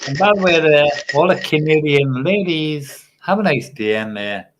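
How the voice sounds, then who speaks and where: A man's voice: fairly high pitch, expressive, normal speed, background noise. A man chatting on a livestream panel from a home webcam setup with a studio microphone, rambling and teasing the others cheekily. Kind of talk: casual chat.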